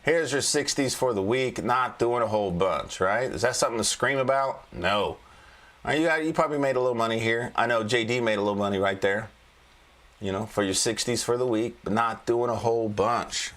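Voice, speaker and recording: A man of middle pitch hosts a relaxed livestream about trading charts. He talks in a folksy, joking way, restarting sentences often and chatting with viewers as he goes. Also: brisk. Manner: folksy and jokey, with frequent restarts and laughs. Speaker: trading coach and livestream host. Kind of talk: casual livestream chart commentary.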